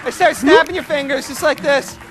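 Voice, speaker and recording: High-pitched, animated motivational speaker man. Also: a little fast, faint music behind. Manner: animated, shouting bursts, stammering restarts. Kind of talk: energetic stage storytelling. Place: stage before a live audience.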